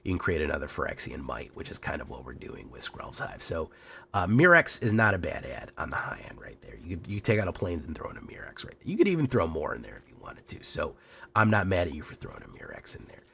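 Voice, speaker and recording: A sick man with a hoarse, deep and raspy voice, chatting casually as a game streamer with many fillers and quiet trailing asides. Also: huge pitch swings, fast, slight background noise. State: hoarse from illness.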